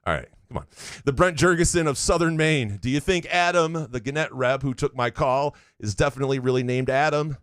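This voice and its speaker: A man in his forties runs through listener questions on a casual sports podcast, joking around and cursing freely. His voice sits at an ordinary middle pitch and sounds close and dry, with no room around it. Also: brisk, hardly any pauses, a bit bright, clear, resonant tone, dry recording. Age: 40s. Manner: reads listener questions aloud, joking and profane. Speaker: podcast co-host.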